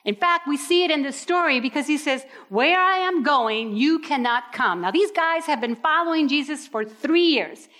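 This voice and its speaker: A woman preaching a sermon in an animated way, acting out people's reactions with sudden leaps in her voice. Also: sits high, normal speed, hardly any pauses.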